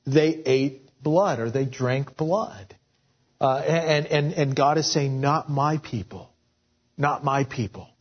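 Lo-fi male preacher teaching scripture. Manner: rising pitch and force when voicing God's words, frequent fillers and restarts. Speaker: pastor. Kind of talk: sermon. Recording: dull lo-fi audio.

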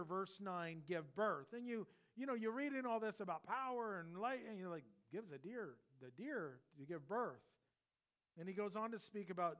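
Man, pastor, high voice, sermon, conversational, loud-to-hushed swings. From California.

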